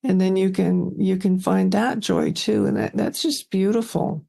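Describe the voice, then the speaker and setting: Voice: mid-range voice, fairly even intonation, a little slow, creaky, dark tone. A podcast host answering a guest earnestly, affirming and summing up what was said. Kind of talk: supportive interview talk.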